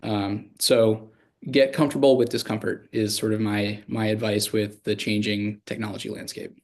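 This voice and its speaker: A man speaking as a guest on a panel discussion, halting and repeating words as he talks. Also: lowish voice, level tone.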